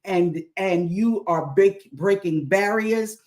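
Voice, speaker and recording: A woman's voice: medium pitch, takes it slowly, darkish tone. A woman pastor hosting a livestream talk show, exhorting viewers, leading them in affirmations and greeting them by name.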